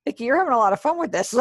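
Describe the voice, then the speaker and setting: Teaching sign language on a video call, this woman talks in a fairly high voice, captured cleanly in studio quality without echo. She keeps up an encouraging chatter, complimenting her students and murmuring asides to herself.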